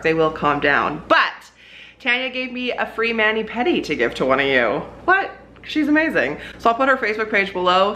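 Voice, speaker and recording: A woman's voice: low voice, a bit bright, slight background noise, rough recording. A young woman vlogging in a casual, rambling way, telling a story and saying "like" a lot. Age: young adult. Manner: chatty, rambling storyteller who says "like" often. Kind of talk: casual vlog chat. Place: car and home.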